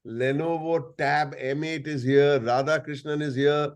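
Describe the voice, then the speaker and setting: A man's voice: a little high, fairly even intonation, measured pace, clean tone. A man in his sixties with an Indian English accent, telling playful anecdotes to an audience over a video call. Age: 60s. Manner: playful, storytelling, jokes and asides. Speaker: guest speaker.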